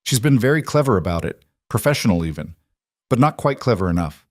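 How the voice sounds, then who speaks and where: A man playing a calm, cold mafia boss. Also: fairly low pitch, brisk, no echo, clean studio sound. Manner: calm, conversational, matter-of-fact.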